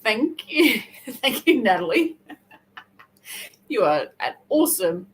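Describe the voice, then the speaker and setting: A woman's voice: on the high side, big pitch swings, takes it slowly, rough recording. Aussie woman chatting away on a crochet livestream, rambly, keeps correcting herself. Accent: Australian. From Australia. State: hair wet, just out of the shower. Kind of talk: casual live chat.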